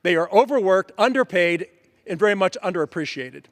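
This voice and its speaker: Emphatic high-voiced congressman in a big chamber. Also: lively intonation, brisk. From Pennsylvania. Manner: emphatic, repetitive lists. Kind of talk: floor speech. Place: legislative chamber. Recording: long reverb of a large chamber.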